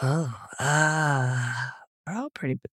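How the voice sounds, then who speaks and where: A woman's voice: low-pitched, slow pace, a bit bright, husky, dry recording, clean studio sound. A woman co-hosting a casual podcast chat, playful and wry, poking fun at herself as she guesses movie quotes. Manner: playful, wry, self-mocking. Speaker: podcast co-host.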